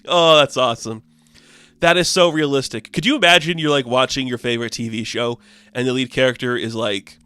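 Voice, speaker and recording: A man's voice: medium pitch, fairly even intonation, brisk, sharp tone, clear, resonant tone, dry recording. A young man enthusiastically recapping a comic book in casual chat. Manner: enthusiastic, chatty, laughs often.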